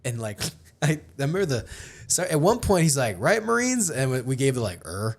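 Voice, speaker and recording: Casting: man hosting, animated pitch, chatty and laughing. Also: fairly quick. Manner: laughs often, lively storytelling. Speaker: podcast host, former Marine. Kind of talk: casual interview chat.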